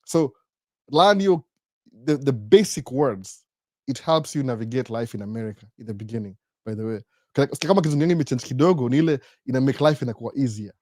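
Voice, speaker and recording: A man's voice: mid-range voice, fast talker, no echo, studio quality. A man, hosting a live Q&A and asking himself rhetorical questions as he explains. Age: 40s. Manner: mixes English and Swahili, rhetorical questions, animated. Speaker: host. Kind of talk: live Q&A talk.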